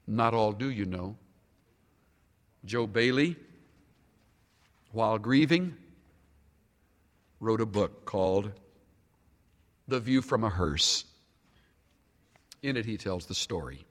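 A man's voice: lowish voice, animated, slow pace, long pauses. A man preaching a sermon, building his points with emphatic, repeated rhetorical questions. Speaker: pastor. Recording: long reverb of a large hall.

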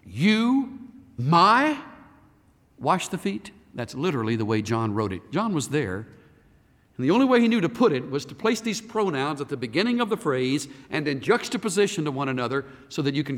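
Brief: male preacher, lively and fairly high voice, sermon with rhetorical questions, long reverb hall. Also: fairly quick. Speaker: pastor.

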